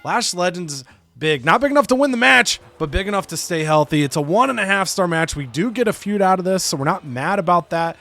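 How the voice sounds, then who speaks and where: A man casually recapping a wrestling management game, animated and profane, slipping into other characters' voices. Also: high voice, fast, few pauses, faint music behind. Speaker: let's play host.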